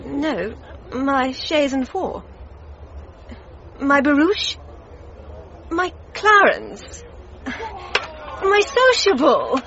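A woman's voice: high voice, lively intonation, drawn-out words, pauses often, fairly bright tone, heavily acted. An actress playing a prim, romantic young lady, wistful and breathless. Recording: muffled lo-fi recording with faint noise.

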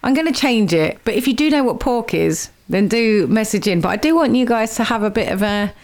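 A woman's voice: fairly high pitch, expressive, a little fast, a little mellow. A woman hosting a local radio show, chatting casually, giggling often and explaining things at length. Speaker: radio host.

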